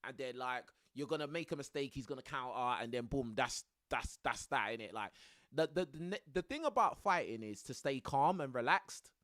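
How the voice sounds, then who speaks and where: A man's voice: medium pitch, lively intonation, moderate pace, a bit bright, no echo, studio quality. A young man chatting casually to his live stream audience, tossing in bruv and bro.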